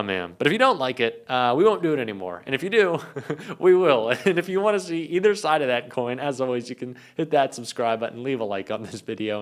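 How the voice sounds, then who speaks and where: A man hosting a political commentary video, talking in an animated, sarcastic and emphatic way. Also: medium pitch.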